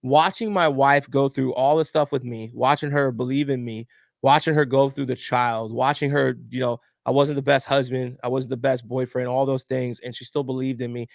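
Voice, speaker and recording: Gravelly and medium-pitched, this man talks at a normal speed on a dry studio recording. He's a podcast guest in an emotional storytelling interview, recounting something personal with candor and playing out the other voices as he goes.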